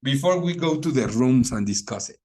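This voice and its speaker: Male english teacher, second-language speaker, halting with lots of ums, mid voice. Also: medium pitch, lively intonation, darkish tone, husky. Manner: hesitant, many fillers. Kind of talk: online class discussion.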